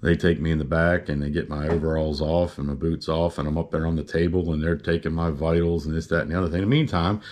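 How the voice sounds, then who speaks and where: A man's voice: extremely low pitch, fairly even intonation, fast talker, hardly any pauses, a little mellow. A man telling a personal story in a casual, rambling, good-humored way, full of "uh" and "you know".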